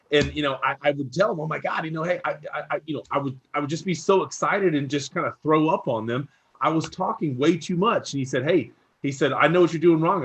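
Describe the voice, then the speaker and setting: A man who recruits real estate agents, telling a story casually in a rambling way, with many restarts and fillers. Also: fairly high pitch.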